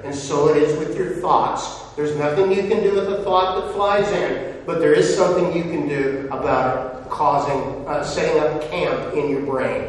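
Slow, echoing preacher in a hall. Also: male voice, on the high side, fairly even intonation, slight background noise. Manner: measured, emphatic preaching with rhetorical questions. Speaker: pastor. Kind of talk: sermon. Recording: echoey hall, distant mic.

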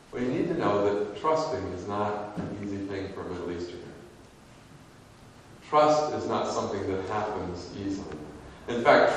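A man's voice: mid-range voice, far from the mic. Conversational male pastor in an echoey hall. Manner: conversational, many rhetorical questions. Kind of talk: sermon. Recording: echoey hall, mic from afar, faint noise.

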